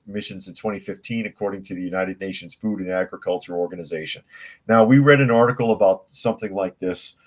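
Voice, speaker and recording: A man with a low voice hosts a live news podcast in a relaxed, conversational way. He reads articles and chat messages aloud, then pushes back with blunt, scoffing opinions. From United States. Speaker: podcast host reading news and chat comments. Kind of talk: casual live news commentary.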